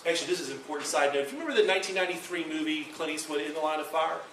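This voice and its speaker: A man giving a university presentation, telling a rambling, animated story full of quoted dialogue. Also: on the high side, racing, slight background noise. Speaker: lecturer. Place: university lecture hall. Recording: echoey room from far off.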